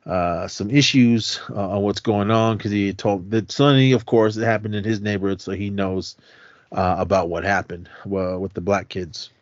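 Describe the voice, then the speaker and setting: A man co-hosting a podcast, casually retelling a film scene by scene in an animated way and slipping into the characters' lines. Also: fairly low pitch, normal speed, no room sound, lo-fi sound. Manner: animated retelling, jumps into quoted voices. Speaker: podcast co-host. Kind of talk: casual movie recap.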